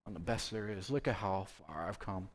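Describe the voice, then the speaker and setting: A man's voice: low voice, moderate pace, voice pushed down. A man voicing a boastful, self-satisfied royal official who brags about himself. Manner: bragging.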